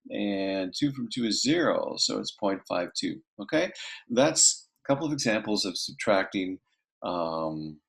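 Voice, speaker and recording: A man's voice: low-pitched, vocal fry. A man teaching a casual math lesson, talking through each step aloud and checking in with "okay" often.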